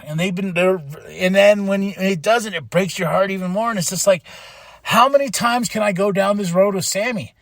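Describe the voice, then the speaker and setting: A man with a fairly high voice talks through a casual podcast recap. He sounds emotional and rambles, restarting his sentences often, and the recording is dry and close. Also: brisk, gravelly, dry recording. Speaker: podcast host.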